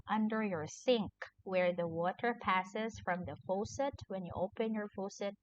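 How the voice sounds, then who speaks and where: Slow, patient woman teaching vocabulary. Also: medium pitch, fairly bright tone. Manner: patient, repeats each word with simple examples. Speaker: English teacher. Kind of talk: slow vocabulary lesson for children. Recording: dull lo-fi recording.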